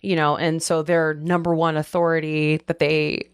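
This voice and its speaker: Animated woman recapping TV, dry sound. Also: low-pitched, clean tone, no echo. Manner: animated, with quick bursts and sung imitations. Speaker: podcast co-host. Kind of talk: casual chat recapping a TV episode.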